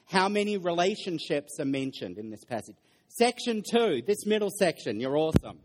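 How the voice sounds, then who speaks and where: A middle-aged male pastor giving a lively sermon in a church hall, joking and putting questions to the congregation. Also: on the high side, moderate pace, noisy background. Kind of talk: interactive sermon.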